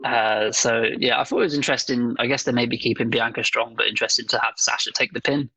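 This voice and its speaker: A man's voice: mid-range voice, steady tone, fast talker, gravelly, pushed and bright, breathy edge, no room sound, poor audio. A man co-hosting a casual podcast chat, blunt and swearing freely. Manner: blunt, swears freely, acts out voices while joking. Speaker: podcast co-host.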